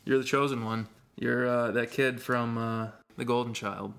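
A man's voice: mid-range voice, fairly even intonation, moderate pace, creaky, fairly bright tone. A man hosting a casual podcast, joking and rambling with his co-host.

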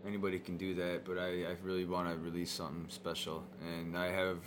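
A man with a very low voice, speaking as a musician guest in a halting way, filling his pauses with "you know" and "uh." Faint background noise sits under him. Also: monotone. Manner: halting, many fillers. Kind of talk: casual chat.

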